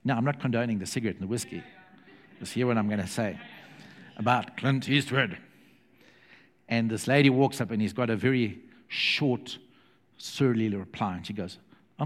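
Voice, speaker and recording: A man preaching a sermon to a church congregation, animated and acting out the quotes he tells. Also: fairly low pitch, moderate pace, pauses often. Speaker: pastor. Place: church hall. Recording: long hall reverb.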